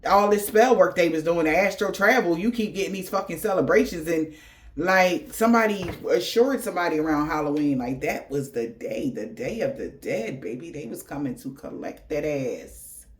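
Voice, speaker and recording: A man's voice: a little high, lively intonation, normal speed. A man giving a casual spiritual reading, profane and slangy, laughing as he tells stories. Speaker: tarot reader.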